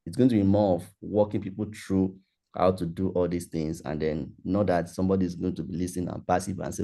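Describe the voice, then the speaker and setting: A man hosts an online workshop over a video call. His voice sits low and deeply mellow. He talks in a loose, conversational, repetitive way while answering questions. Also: fairly even intonation, brisk, creaky. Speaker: workshop facilitator.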